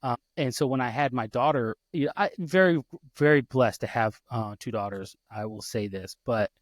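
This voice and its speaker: A man in his thirties hosting a casual podcast interview, lively and quick to act out his kids' voices. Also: medium pitch, no room sound, studio quality. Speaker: podcast host.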